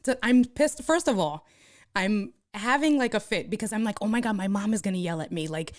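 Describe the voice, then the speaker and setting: A young woman telling a story to her live stream viewers, casually and animatedly, jumping up in pitch when she acts out the people in it. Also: brisk, dry recording, clean studio sound. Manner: animated, acts out quoted voices with jumps in pitch.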